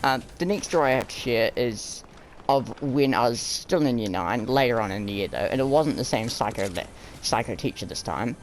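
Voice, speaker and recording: A man's voice: a little hiss or hum, rough recording. A young man telling stories from his school days in a casual, rambling way, full of fillers, acting out the people he quotes. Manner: animated, jumps high and low for quoted people. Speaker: storyteller. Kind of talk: casual storytime narration.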